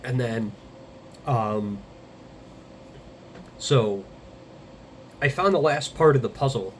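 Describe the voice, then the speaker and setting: A man in his thirties talking casually to the camera, halting and rambling with many fillers and some blunt swearing. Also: mid-range voice, slight background noise. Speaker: vlogger. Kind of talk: casual confessional monologue.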